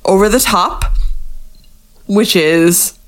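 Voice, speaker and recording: A woman's voice: medium pitch, slow. A woman co-hosting a podcast, recapping a TV episode in a dry, matter-of-fact casual chat. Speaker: podcast co-host.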